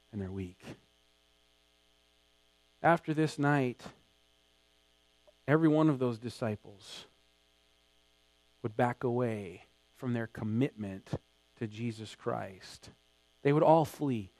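A man preaching a sermon, emphatic, building to loud acted quotes. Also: mid-range voice, no echo. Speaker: pastor.

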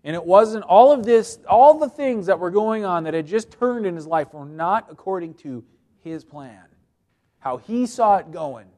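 A high-voiced man preaches a sermon, reading scripture aloud and explaining it with strong emphasis at a measured, expressive pace. He builds to loud, pleading passages before dropping into quiet, low-key asides.

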